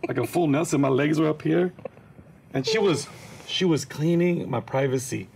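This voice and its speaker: A man's voice: a little high, moderate pace, vocal fry, a crowd in the background. A man, a comedian, telling a story as an interview guest and acting out the scenes. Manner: animated, acts out scenes and voices.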